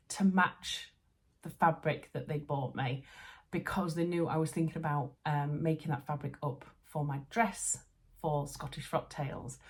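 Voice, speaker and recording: Yorkshire woman, thirties, low voice, gushing casual sewing vlog chatter. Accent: Yorkshire English. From Yorkshire, England. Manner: chatty, gushing and warm about gifts. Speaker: sewing vlogger. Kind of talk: casual chat to camera.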